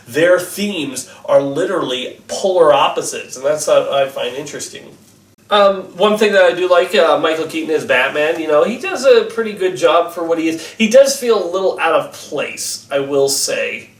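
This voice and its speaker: A man's voice: fairly high pitch, reverberant, far from the mic. A man giving a casual, rambling spoken film review, full of fillers and restarts.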